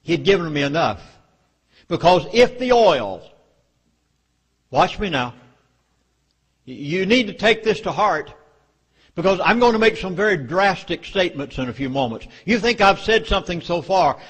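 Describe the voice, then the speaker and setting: A man's voice: high-pitched, a bit bright. A man with a Southern US accent giving an emphatic speech to a live audience, with dramatic warnings. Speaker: public speaker.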